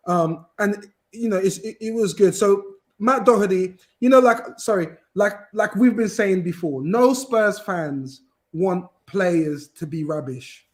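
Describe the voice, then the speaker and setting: A man chatting casually as a fan on a football podcast, rambling and animated with many restarts. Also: high voice, unhurried. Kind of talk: casual chat.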